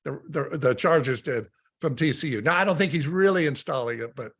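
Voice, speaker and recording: A middle-aged man breaks down football in easy, storytelling sports talk, his voice gravelly and a little husky and set fairly high. He gets animated and stacks up repeated words as he starts each point. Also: a little fast. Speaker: radio analyst.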